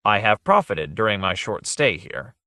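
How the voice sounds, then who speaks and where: A man voicing a suave, mild-mannered gentleman. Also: on the low side, very animated, moderate pace, dry recording, studio quality. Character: suave, courteous, cunning gentleman detective.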